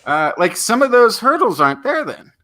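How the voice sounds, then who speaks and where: A man co-hosts a science podcast and riffs playfully on ideas with jokey asides. His pitch swings widely, and his tone is bright and forward. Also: very animated, normal speed. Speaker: podcast co-host. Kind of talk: casual science chat.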